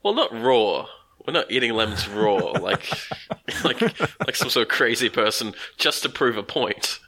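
A man's voice: medium pitch, animated, moderate pace, bright, forceful tone. A man co-hosting a podcast, bantering casually and joking at his own expense. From Australia. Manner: laughing, self-mocking banter. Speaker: podcast co-host. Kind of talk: casual chat.

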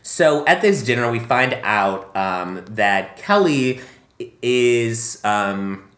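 A man's voice: medium pitch, animated, drawn-out words, fairly bright tone, reverberant. A man co-hosting a casual film review chat, chatty and laughing often, with many ums. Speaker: podcast co-host.

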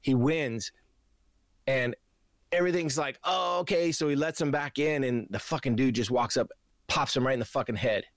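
Animated, profane man recapping a movie. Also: mid-range voice, moderate pace, no echo. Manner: animated, profane storytelling, acts out reactions. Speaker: podcast co-host. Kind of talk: casual movie review chat.

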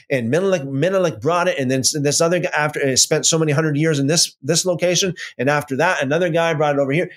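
Lively, animated male Bible teacher. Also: on the high side. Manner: animated, repeats words and restarts sentences, mocks claims with imitated dialogue. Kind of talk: casual unscripted lecture.

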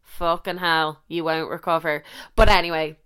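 A young Irish woman hosting a podcast, telling a story in a lively, indignant monologue full of swearing. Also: low voice, moderate pace, smooth. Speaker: podcast host.

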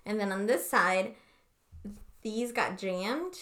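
A woman's voice: medium pitch, animated, takes it slowly, fairly bright tone. A young woman co-hosting a podcast in casual chat, rambling and swearing, often stopping to hunt for words. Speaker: podcast co-host.

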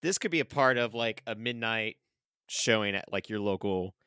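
A man's voice: on the low side, moderate pace, pushed and bright, clean tone, no echo, clean studio sound. A man co-hosting a casual movie podcast, rambling with many fillers. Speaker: podcast co-host. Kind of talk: casual movie review chat.

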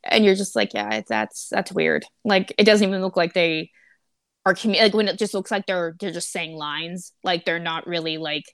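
A woman's voice: fairly low pitch, steady tone, normal speed, fairly bright tone, dry recording, clean studio sound. A woman co-hosting a podcast, chatting casually, gushing and laughing a lot as she acts out her own reactions. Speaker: podcast co-host. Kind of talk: casual chat.

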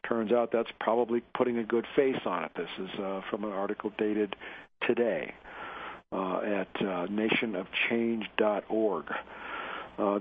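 A man hosting a live radio talk show, reading news articles aloud and commenting earnestly, often stumbling and restarting his words. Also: mid-range voice. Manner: halting, many restarts and fillers, earnest. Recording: tinny phone-like radio audio with faint noise.

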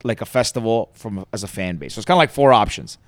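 A young man hosting a podcast, asking questions quickly and rephrasing as he goes. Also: on the low side, expressive, no room sound. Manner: quick, restarts questions mid-sentence. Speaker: podcast host. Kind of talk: casual chat and interviewing.

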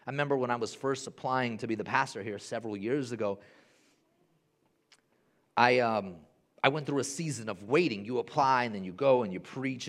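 A young man preaching a sermon as pastor, swinging between loud, high-pitched bursts and hushed, low passages.

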